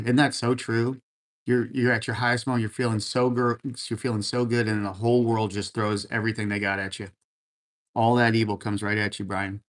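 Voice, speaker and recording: Laid-back man chatting on a livestream. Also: mid-range voice. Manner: laid-back, encouraging, says man and brother a lot. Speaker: livestream host. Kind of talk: casual chat reading live comments. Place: room at home full of racing gear.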